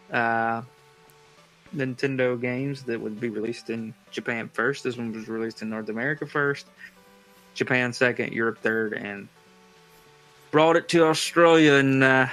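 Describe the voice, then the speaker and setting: A man hosting a casual trivia quiz, reading out the options slowly and chatting with friends. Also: mid-range voice, steady tone, a bit bright, faint music behind, poor audio. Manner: reads quiz options in a slow, drawn-out way. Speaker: podcast host running a trivia quiz. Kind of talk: casual chat.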